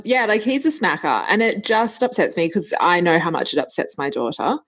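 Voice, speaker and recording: A woman in her thirties hosts a casual podcast chat, her voice a little low and husky. She tells everyday stories in a chatty, animated way. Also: a little fast, few pauses. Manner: chatty storytelling, laughs often. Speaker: podcast host.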